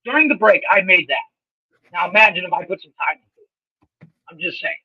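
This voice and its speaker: A man co-hosting a casual comedy podcast in a high voice, talking in an easygoing, offhand way. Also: lively intonation, normal speed, slightly rough, no room sound, lo-fi sound. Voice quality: high voice, self-described as sounding like a little girl. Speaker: podcast co-host.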